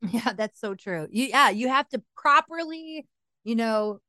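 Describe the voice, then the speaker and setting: A woman in her forties co-hosting a casual podcast, telling stories in an animated way and laughing often. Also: a little high, measured pace, dry recording, studio quality. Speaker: podcast co-host. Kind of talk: casual chat.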